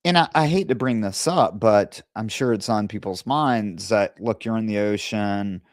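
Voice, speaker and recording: A man co-hosting a casual discussion, speaking in a measured, careful way with pauses and fillers. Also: lowish voice, no echo, clean studio sound. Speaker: co-host.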